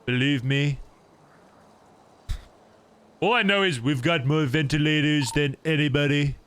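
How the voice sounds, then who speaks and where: A man putting on an impression of a boastful older male politician, slow and emphatic, repeating short phrases. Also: on the high side, fairly bright tone.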